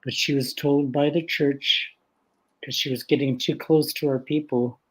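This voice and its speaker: An older man from the west coast of Vancouver Island, a guest storyteller telling stories in an unhurried, gentle way with frequent laughter. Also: on the high side, fairly even intonation, husky, rough recording. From west coast of Vancouver Island, Canada. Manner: unhurried and gentle, laughs often between phrases. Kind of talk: casual spoken storytelling.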